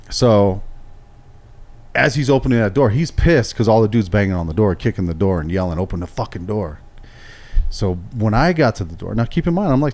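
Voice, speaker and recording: Middle-aged man, profane animated storyteller. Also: lowish voice. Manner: profane, animated, acts out quoted dialogue. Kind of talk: casual storytelling on a podcast.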